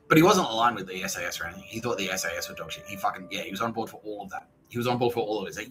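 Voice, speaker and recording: A man's voice: fairly low pitch, lively intonation, very fast, a bit bright, faint music behind, low-quality recording. An Australian man in a profane, rambling podcast monologue, acting out what other people said. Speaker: podcast host.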